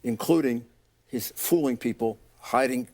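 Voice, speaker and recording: Guy in an interview clip, gravelly voice, dismissive and emphatic. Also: mid-range voice, a little slow, a little mellow. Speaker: interviewed guest in a played clip. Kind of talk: interview answer.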